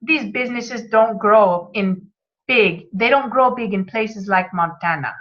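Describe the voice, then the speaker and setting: A woman's voice: mid-range voice, a little slow, fairly bright tone, lo-fi sound, lightly acted. A woman voicing a dismissive male sales executive with a Cuban accent, laughing through the impression.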